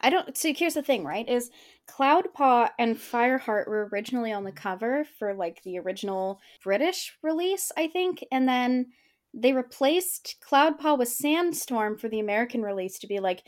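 A high-pitched woman co-hosting a casual book podcast. She talks animatedly and tosses in quick apologetic asides as she argues her point. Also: animated. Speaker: podcast co-host. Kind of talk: casual book discussion chat.

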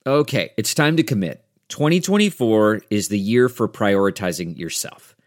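A man's voice: lowish voice, lively intonation, moderate pace. A man reading a scripted ad in an upbeat, persuasive way. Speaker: ad reader. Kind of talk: scripted ad read.

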